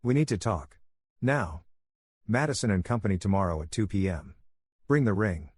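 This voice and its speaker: A man's voice: fairly low pitch, animated, moderate pace, darkish tone, slightly rough, no echo. A man voicing a bitter young woman who has just broken off her engagement, barely changing his own voice. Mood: cold.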